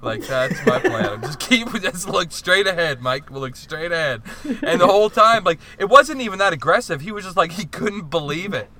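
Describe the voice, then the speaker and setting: A man's voice: sits high, animated, moderate pace, sharp tone. A young man telling a story in casual chat, rambling with lots of "like", laughing and swearing as he goes.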